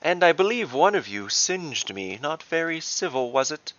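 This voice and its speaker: A man's voice: fairly high pitch, sing-song, normal speed, fairly bright tone, voice pushed up. A man voicing a mischievous male halfling trickster god in a gleeful, teasing, theatrical way. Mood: playful. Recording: dull dry lo-fi recording.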